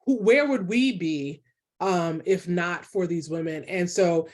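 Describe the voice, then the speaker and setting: A woman historian speaking as an interview guest, earnest and quick to laugh. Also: lowish voice. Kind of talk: conversational interview.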